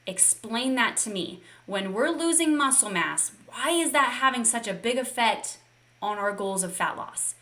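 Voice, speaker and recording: A woman's voice: a little high, animated, unhurried, sharp tone. A woman fitness coach leading a live online session, upbeat and encouraging and talking straight to her viewers.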